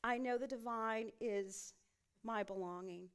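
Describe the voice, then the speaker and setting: A woman's voice: a little high, unhurried, clean tone. A woman pastor preaching a sermon in a church sanctuary, often turning to the congregation with rhetorical questions.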